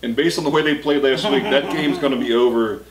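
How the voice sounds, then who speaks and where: A man's voice: medium pitch, brisk, echoey room, a crowd in the background, low-quality recording. A man co-hosting a casual football betting chat, blunt and joking, often stumbling over his words. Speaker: co-host of a sports picks show.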